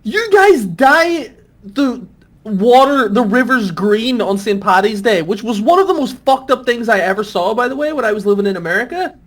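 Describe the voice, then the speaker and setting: A young Irish man chatting casually on a podcast, animated and swearing freely. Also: high voice, fairly quick, hardly any pauses. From Ireland. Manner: animated, swears freely, jumps into exaggerated voices. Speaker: podcast guest.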